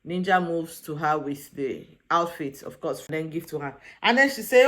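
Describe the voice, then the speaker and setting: A woman's voice: fairly low pitch, normal speed, few pauses, a bit bright. Young woman, recap vlogger, exasperated and sassy, mimics the people she quotes. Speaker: reality show recap vlogger. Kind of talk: casual opinionated recap commentary.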